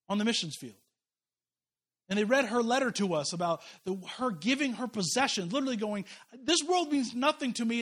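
A man's voice: high-pitched, a bit bright. A man preaching a conversational sermon as a pastor, impassioned and emphatic, often restarting his sentences.

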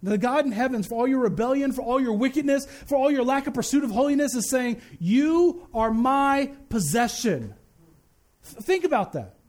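A male pastor preaching a sermon with fervent, emphatic delivery. His voice is unusually high for a man, and he leans on dramatic slowdowns to drive his points home. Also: darkish tone.

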